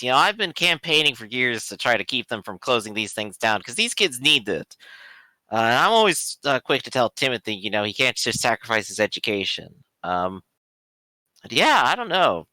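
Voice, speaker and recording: A man's voice: mid-range voice, pushed and bright, no echo. A man voicing a busy middle-aged city campaigner who rambles and hesitates with many fillers.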